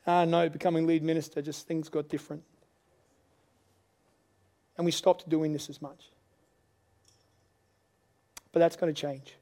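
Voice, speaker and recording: Earnest pastor preaching. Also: male voice, a little high, flat delivery, measured pace, long pauses. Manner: earnest, confessional, swings to loud pleading. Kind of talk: sermon. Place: church service.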